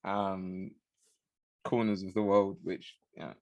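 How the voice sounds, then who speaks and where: A British man co-hosts a podcast round-table, chatting casually in a deep, slow, slightly mellow voice with little pitch movement and no echo. He rambles hesitantly, full of fillers and restarts.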